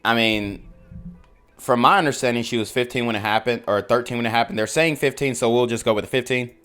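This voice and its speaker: A man hosting a news commentary channel, reacting in casual talk with drawn-out exclamations. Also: medium pitch, fairly even intonation, fairly bright tone, clean tone, soft background music. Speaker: host reacting to news clips.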